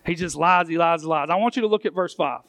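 A man's voice: on the high side, fast, a bit bright, dry recording. A man preaching a sermon as pastor, reading scripture aloud and making his points with emphasis. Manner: emphatic preaching, reads scripture aloud, voices the questioning crowd.

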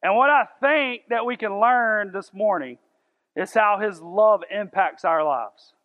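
A man's voice: high-pitched, measured pace. A man in his thirties preaching a conversational sermon to a church congregation, asking the room rhetorical questions. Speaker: pastor. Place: church sanctuary. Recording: dull sound with long hall reverb.

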